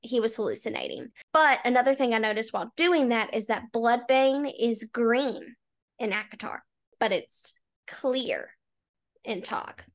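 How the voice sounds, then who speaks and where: A chatty young woman with a fairly high voice co-hosts a book podcast. She talks emphatically and fills her sentences with "like". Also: expressive, unhurried. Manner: chatty, emphatic, many "like" fillers. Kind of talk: casual chat.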